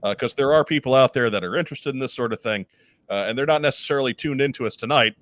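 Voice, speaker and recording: A man's voice: mid-range voice, quick pace, a bit bright, dry recording. A man hosting a podcast, joking around and then making earnest appeals to listeners. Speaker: podcast host. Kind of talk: casual podcast chat.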